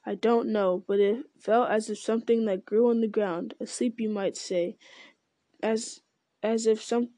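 Mellow woman reading a novel aloud. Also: on the high side, steady tone, a little slow, dry recording. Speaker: reader.

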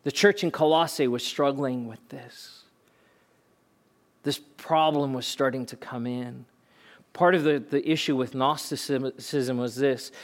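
A man's voice: mid-range voice, steady tone, unhurried. A male pastor preaching a sermon in an emphatic, conversational way, asking rhetorical questions.

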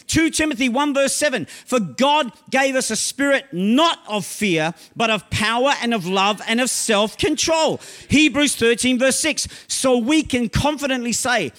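Man, pastor, very high-pitched voice, emphatic sermon, sudden shouts, slow scripture reading. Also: animated. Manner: emphatic preaching, often asking "right?", slow scripture reading; bursts into loud shouts.

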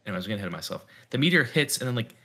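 Bright-voiced young man rambling casually. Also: mid-range voice, sing-song, racing. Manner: rambling, heavy use of "like", thinks aloud. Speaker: podcast co-host. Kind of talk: casual chat.

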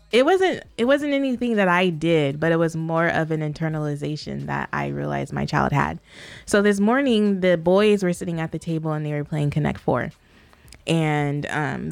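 A woman's voice: deep voice, creaky, no echo. A woman in her thirties co-hosting a married couple's podcast, telling a family story earnestly and laughing easily. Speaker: podcast co-host. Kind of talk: casual storytelling.

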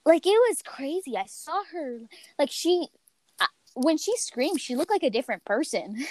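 A woman's voice: high voice, moderate pace, no room sound, poor audio. A young woman hosting a podcast, telling a story in casual chat and acting out what people said. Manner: animated storytelling, acts out quotes. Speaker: podcast host.

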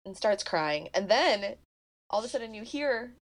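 A young woman co-hosting a podcast, retelling a film's plot in casual chat, animated and full of "like" fillers, laughing often. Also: medium pitch, moderate pace. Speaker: podcast co-host. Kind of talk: casual movie recap chat.

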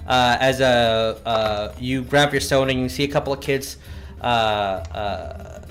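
A man running a tabletop game as game master, narrating in a halting way with many fillers and frequent laughs. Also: mid-range voice, a bit bright.

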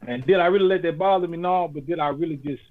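A man's voice: fairly high pitch, fast talker. A man co-hosting a casual podcast, talking in a laid-back, joking way and giving motivational advice. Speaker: podcast co-host. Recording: phone-like lo-fi audio.

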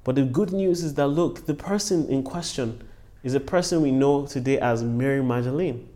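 A man's voice: medium pitch, moderate pace, mellow. A man giving a devotional Bible teaching as a preacher. He talks earnestly, repeats key phrases for emphasis and breaks into short words of praise between points. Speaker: preacher and podcast host.

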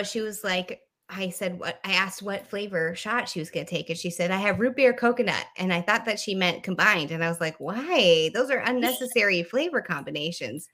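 Animated, giggly woman podcast host. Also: medium pitch. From US South. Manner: giggly and animated, laughs often. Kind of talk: casual podcast chat.

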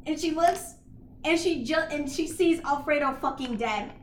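Woman, podcast co-host, rambling storyteller, high-pitched, echoey apartment room. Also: normal speed, a little hiss or hum. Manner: rambling, lots of likes and ums. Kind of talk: casual chat, retelling a story.

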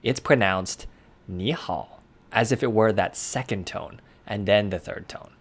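Low-voiced man teaching a language lesson. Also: moderate pace. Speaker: language podcast co-host. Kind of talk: scripted lesson explanation.

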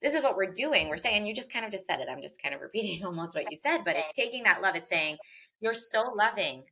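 A woman's voice: fairly low pitch, expressive, quick pace, pushed and bright. A woman speaking earnestly and reflectively in a casual podcast conversation about parenting, with frequent fillers and repeated phrases.

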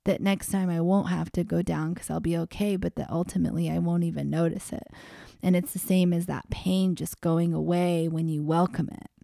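A woman calmly talking through a personal reflection, unhurried, with frequent pauses and filler words. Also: on the low side, vocal fry, no room sound, clean studio sound. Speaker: vlogger.

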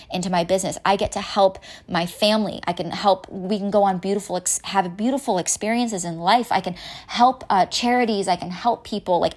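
A woman coaching listeners through a money mindset exercise, talking casually, candid and earnest, swearing now and then. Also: medium pitch. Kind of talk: casual motivational talk.

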